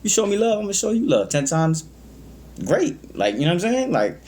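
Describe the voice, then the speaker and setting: A man's voice: high-pitched, wildly swooping pitch, brisk, darkish tone, a little hiss or hum. A man hosting a music reaction video, talking casually and rambling. He often stumbles over his words and keeps adding "you know what I mean".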